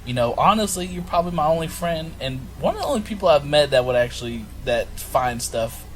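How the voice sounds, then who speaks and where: A man's voice: fairly high pitch, animated, a little fast, faint music behind. Chatty young man, laughs a lot. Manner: rambling, laughs often, mimics people he quotes. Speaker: podcast co-host. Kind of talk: casual chat.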